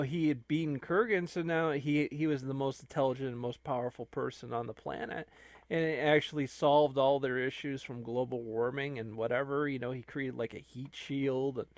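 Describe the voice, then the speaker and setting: A man's voice: mid-range voice, steady tone, moderate pace, no echo. A man hosting a gaming channel, rambling through an improvised comic skit full of "you know"s and restarts. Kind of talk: improvised comic skit, talking to himself in character.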